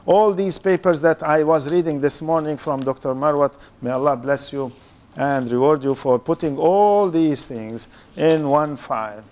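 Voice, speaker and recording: A man's voice: fairly high pitch, moderate pace, a little mellow. An older man with a foreign accent giving an interactive religious lecture, quizzing his young audience and tagging points with "huh?". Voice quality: speaks English with a foreign accent. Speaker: Islamic lecturer.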